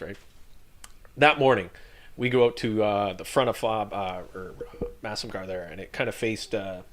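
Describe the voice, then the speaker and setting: A man's voice: fairly low pitch, normal speed. A man, a retired army infantry veteran, telling stories on a podcast with lots of swearing and laughter. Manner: profane, laughing and animated while telling stories. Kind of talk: casual storytelling.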